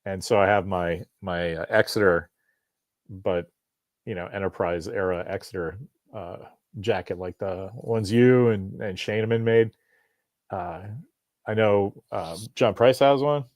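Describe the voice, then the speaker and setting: Low-voiced rambling podcast host, dry sound. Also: male voice, a little slow, darkish tone, no room sound. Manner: rambling, self-interrupting, joking. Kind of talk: casual live-stream chat. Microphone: video call.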